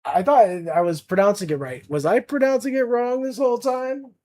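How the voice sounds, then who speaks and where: A young man with an extremely high, darkish voice chats casually at normal speed while livestreaming as an art streamer. He rambles, with plenty of fillers and restarts.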